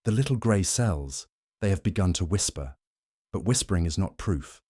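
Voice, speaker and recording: A man performs a fussy elderly Belgian detective in an audiobook mystery. He speaks softly and with precise courtesy. The voice is deep and close, with no room sound. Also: expressive, normal speed, breathy edge, dry recording. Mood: courtly.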